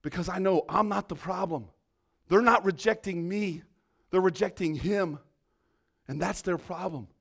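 High-voiced fervent male preacher. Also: a little slow, vocal fry. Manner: fervent, swings from loud preaching to quiet prayer; peppers talk with "right?". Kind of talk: sermon.

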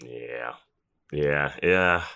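A man co-hosting a podcast, chatting casually in a relaxed, agreeable way. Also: rumbling low, very slow, smooth. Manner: relaxed, agreeable, frequent "yeah". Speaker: podcast co-host. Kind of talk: casual chat.

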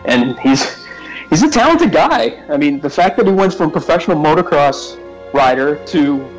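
A man co-hosting a casual podcast, rambling and jokey, quick to mock himself. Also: on the high side, sing-song, soft background music, poor audio. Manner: jokey, rambling, self-mocking. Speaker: podcast co-host.

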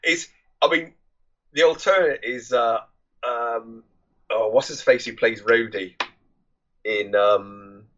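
A man's voice: medium pitch, slow, pauses often, fairly bright tone, muffled recording. A man co-hosting a movie review podcast, rambling casually, hunting for names and swearing offhand. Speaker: podcast co-host.

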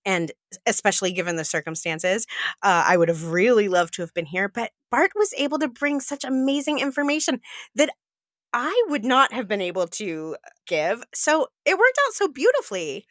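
Chatty woman podcast host, lively pitch. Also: moderate pace, no room sound, clean studio sound. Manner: animated, chatty with fillers. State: husky after being sick. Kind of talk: casual podcast chat.

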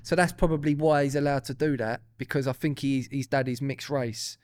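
A man's voice: medium pitch, steady tone, brisk, a little mellow, clean tone. A young man co-hosting a podcast, chatty and hedging, swearing now and then in casual banter. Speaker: podcast co-host.

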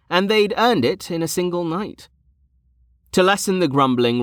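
Male audiobook narrator, steady storytelling, mid-range voice, dry close sound. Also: mid-range voice, dry recording. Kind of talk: scripted narration.

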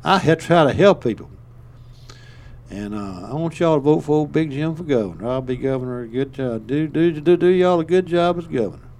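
A man's voice: on the high side, lively intonation, darkish tone, voice pushed up. A man doing a drunk, boastful old governor. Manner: slow, slurred, stumbling speech. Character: drunk older male Southern governor, boastful, rambling.

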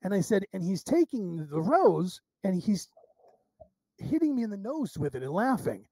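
A middle-aged man with a high, dark-toned voice tells anecdotes in a relaxed interview and acts out every line of dialogue with plenty of restarts. The sound is dry and close. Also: moderate pace, no echo. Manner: animated storyteller acting out quoted dialogue, with restarts. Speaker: psychic medium guest. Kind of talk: casual interview storytelling.

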